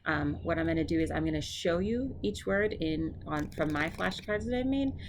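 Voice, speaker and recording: A woman tutoring her classmates, casually explaining each word and then repeating it slowly and clearly. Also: low-pitched, animated, background noise. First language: English. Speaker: seminary student tutoring classmates. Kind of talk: informal pronunciation drill.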